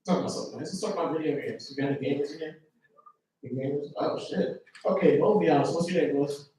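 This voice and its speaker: A brash male comic works the crowd with casual slang and teasing jabs. His voice sits high. It is picked up from well off the mic in a very reverberant club. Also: fast, mellow. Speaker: stand-up comedian. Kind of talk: stand-up with crowd work. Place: comedy club stage. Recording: very echoey club from far off.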